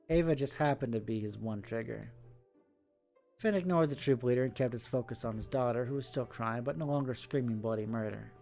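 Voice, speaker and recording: A man's voice: medium pitch, fairly quick, vocal fry, mellow, soft background music. A man reading a story aloud, slipping in casual asides between the narration. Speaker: story reader.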